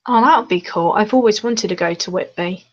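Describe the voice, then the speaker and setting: A woman hosting a casual chat over a video call, talkative and quick to giggle. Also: medium pitch, muffled recording. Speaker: channel host.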